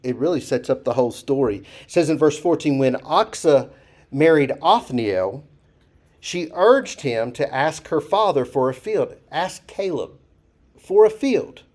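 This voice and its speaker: A man's voice: on the high side, expressive, measured pace, a little mellow. A man leading a church Bible study, talking casually, asking the group questions and repeating key phrases for emphasis. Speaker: pastor.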